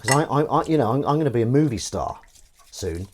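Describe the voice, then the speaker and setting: A man's voice: medium pitch, animated, brisk, slight background noise. A man chatting casually on a live stream while washing up, rambling, joking and swearing freely.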